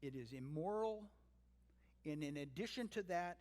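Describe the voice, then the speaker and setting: A man's voice: fairly high pitch, lively intonation, normal speed, a little mellow. A man from Canada preaching a sermon as pastor, earnest and emphatic, mixing teaching with family storytelling. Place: church sanctuary. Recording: long hall reverb.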